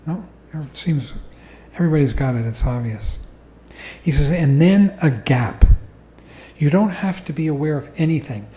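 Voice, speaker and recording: A man gives a slow, calm meditation talk to a group, explaining patiently. His voice is warm and mellow, sitting a little high. The sound is roomy and echoey. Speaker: meditation teacher. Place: meditation hall. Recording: echoey room recording.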